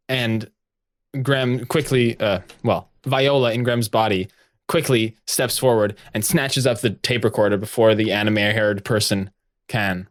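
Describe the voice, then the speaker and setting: A man's voice: lowish voice, dry recording, clean studio sound. A man hosting a podcast, narrating an improvised story in a chatty, giggly way with many fillers.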